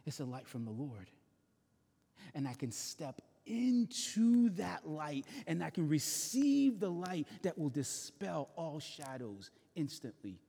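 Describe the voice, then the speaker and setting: Pastor, male, slightly high and husky, passionate repetitive sermon delivery, long church-hall reverb. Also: big pitch swings, slow pace, dark tone. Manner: impassioned, repetitive preaching that builds in intensity. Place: church sanctuary.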